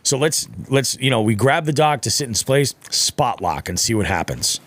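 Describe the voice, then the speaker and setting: A man's voice: medium pitch, normal speed, no echo. A young man casually telling a fishing story on a podcast, swearing freely and acting out what others said. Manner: profane, animated, acts out quotes. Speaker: podcast speaker.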